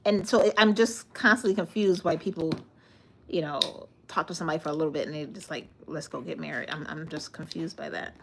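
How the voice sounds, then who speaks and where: A woman's voice: low voice, steady tone, a little fast, background noise. A young woman hosting a casual live stream, answering viewer comments with frequent giggles and stumbles over her words. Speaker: livestream host.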